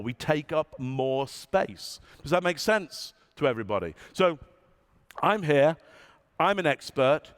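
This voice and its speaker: A man giving a conference keynote to a live audience, demonstrating and repeating phrases for effect. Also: mid-range voice. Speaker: keynote speaker.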